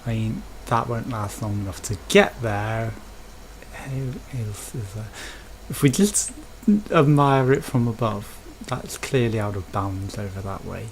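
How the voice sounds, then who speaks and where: Gravelly Birmingham man rambling over gameplay. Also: fairly low pitch, unhurried, a little hiss or hum, rough recording. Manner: rambling, chatty, thinking aloud. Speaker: let's play host. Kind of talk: casual gameplay commentary.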